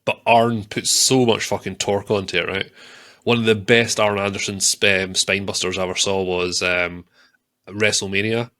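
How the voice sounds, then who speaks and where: A man co-hosting a podcast, chatting in a relaxed, sweary way. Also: lowish voice, normal speed. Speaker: podcast co-host. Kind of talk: casual chat.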